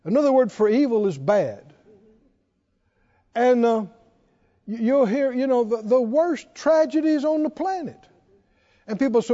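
Very high and expressive, with a warm tone, a male pastor's voice unfolds unhurriedly, broken by long pauses. His sermon invites call-and-response from the congregation, and the echoey sanctuary recording sounds dull and lo-fi.

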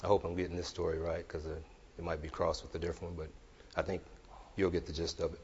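A male preacher delivering a sermon. He swings between emphatic, shouted declarations and relaxed, chatty storytelling. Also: low voice, fast talker, breathy edge. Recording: reverberant hall, dull lo-fi sound.

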